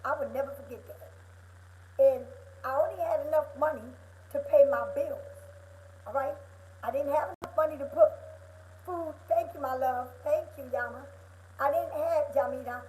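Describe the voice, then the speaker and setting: A woman's voice: sits high, a little hiss or hum, poor audio. A woman tarot reader giving a live motivational talk, speaking straight to her viewers in an emphatic, preachy way, repeating her points and calling them honey and girl.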